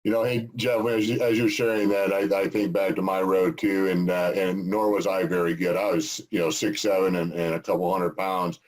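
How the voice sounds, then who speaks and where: Man, co-host, low voice, folksy, laughs a lot, casual chat. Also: little pitch movement, fairly quick, hardly any pauses, rough recording. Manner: folksy, laughs often, stammers on restarts. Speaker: co-host, former football player.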